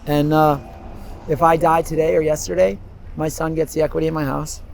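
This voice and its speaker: Interviewed on the street, a man in his fifties with a somewhat high, creaky voice drifts from memory to memory, talking fairly quickly and laughing often in animated storytelling. Faint street noise sits beneath him outdoors.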